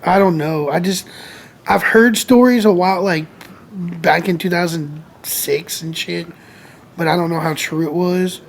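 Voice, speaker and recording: A man's voice: high voice, a little slow, slight background noise. A man hosting a podcast who talks in a casual, hesitant way and trails off mid-sentence. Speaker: podcast host. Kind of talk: casual chat.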